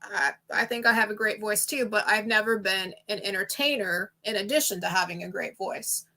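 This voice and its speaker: Bright-voiced chatty woman podcast host. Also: mid-range voice, moderate pace. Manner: chatty, rambling questions with fillers. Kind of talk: casual interview chat.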